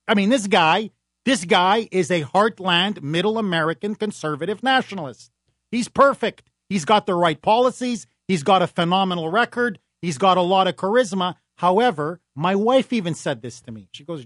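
A man hosting a talk radio show, delivering an emphatic, rapid-fire, opinionated political monologue. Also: high-pitched, expressive, a bit bright, no room sound, studio quality.

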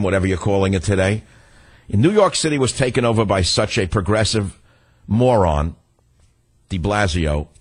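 A man hosting talk radio in a combative, sarcastic rant. His voice sits fairly low and sounds husky. The sound is dry and close, with little room around it. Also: dry recording. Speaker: radio talk show host. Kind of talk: political talk radio monologue.

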